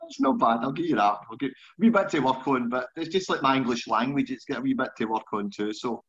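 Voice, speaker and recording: A man's voice: medium pitch, quick pace, a bit bright, dull audio. Chatty Scottish man hosting a podcast. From Scotland. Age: 40s. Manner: chatty, self-deprecating, many restarts. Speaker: podcast host. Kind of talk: casual interview chat.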